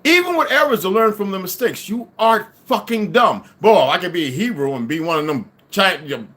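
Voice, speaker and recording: A man's voice: high-pitched, animated, normal speed, bright, forceful tone. A middle-aged man delivering an angry, profane ranting monologue to his audience, swearing and insulting as he goes. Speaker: livestream host.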